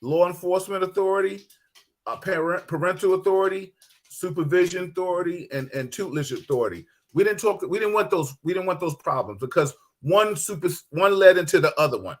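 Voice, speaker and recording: A middle-aged man hosting a casual talk show, telling stories with animated, acted-out quotes. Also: a little high, a little fast. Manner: animated storytelling, acts out quotes. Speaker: host. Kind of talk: casual podcast chat.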